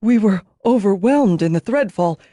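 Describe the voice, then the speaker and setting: A woman voicing a shaken bronze dragonrider man who speaks in a halting, bewildered way. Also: medium pitch, animated, mellow, no echo, clean studio sound, close to an everyday voice.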